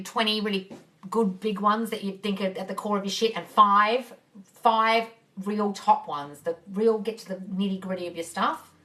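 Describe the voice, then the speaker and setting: This manifesting coach's bright, forceful voice sits at medium pitch as she answers viewer questions in a live Q&A on her phone. She doesn't hold back on swearing and keeps calling people darling. The mic is a bit away from her.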